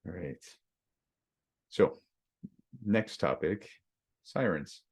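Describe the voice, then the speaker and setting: A man's voice: low-pitched, lively intonation, drawn-out words, husky. A man coaching a workshop group in a conversational way, with many restarts, acting out the voices of a complaining mind. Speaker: leadership coach. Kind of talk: workshop lesson.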